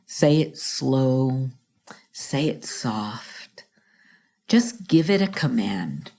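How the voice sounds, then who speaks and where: A middle-aged woman hosting a podcast, coaching listeners through a slow breathing exercise in a soothing voice that drops to whispers. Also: a bass voice, animated, dark tone, breathy edge.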